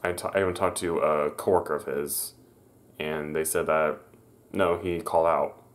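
A man telling a personal story to his viewers, halting, stammering and correcting himself as he goes. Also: very deep voice, steady tone. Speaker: vlogger.

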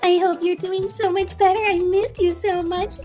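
Woman as excitable vain doll, very high voice, bursts of squeals. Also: normal speed. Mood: excited. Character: bubbly, self-absorbed young woman doll. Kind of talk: toy play voice acting.

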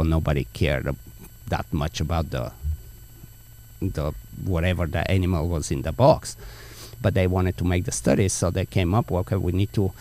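A man with a low, warm voice hosts a podcast interview in a conversational style. He's a dog trainer, and he earnestly explains his points using everyday analogies.

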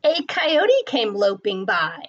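A woman, a school librarian, reading a picture book aloud in a slow, clear storytelling manner. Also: medium pitch, huge pitch swings. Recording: dull lo-fi recording.

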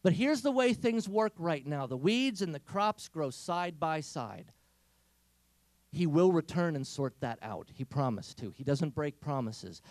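Lively high-voiced man speaker. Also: measured pace, no echo. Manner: energetic, humorous storytelling. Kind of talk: inspirational talk to teens.

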